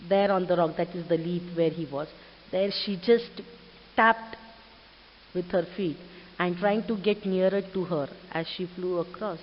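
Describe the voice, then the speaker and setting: A woman's voice: mid-range voice, a little hiss or hum. A woman English teacher explaining a story to her class, stopping to explain word meanings and check with students. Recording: dull lo-fi recording with long reverb.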